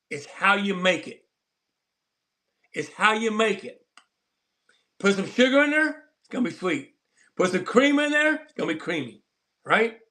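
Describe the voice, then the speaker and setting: A man's voice: high-pitched, a bit bright. A man hosting a live stream, chatting in a rambling, earnest and preachy way to his viewers. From southern Colorado. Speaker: livestream host. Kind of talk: casual livestream chat.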